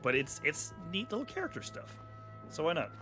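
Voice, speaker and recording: A man's voice: a little high, very animated, fairly quick. A man streaming a video game, chatting casually and joking, sometimes slipping into silly accents. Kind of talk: casual gameplay commentary. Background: game music.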